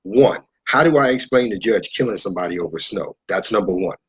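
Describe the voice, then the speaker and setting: A man from New York, a show guest, telling a story in a relaxed, conversational way and acting out what people said. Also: fairly low pitch, brisk, slight background noise, low-quality recording. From New York, USA. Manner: animated storyteller who acts out dialogue.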